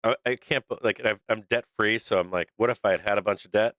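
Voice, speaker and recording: A man's voice: on the low side, quick pace, fairly bright tone, no echo. Blunt, profane middle-aged man ranting. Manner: blunt, profane, rambling with restarts. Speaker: stock market show host. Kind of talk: casual livestream rant.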